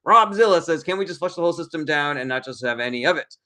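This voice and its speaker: A man's voice: a little high, lively intonation, fast talker, pushed and bright. A man answers questions from his live chat in a blunt, casual way, reading each message aloud before he replies.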